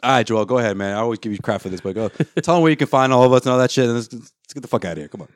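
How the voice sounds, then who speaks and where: A man co-hosting a podcast in casual chat, loud and laughing, swearing freely. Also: medium pitch, very fast, no room sound. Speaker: podcast co-host.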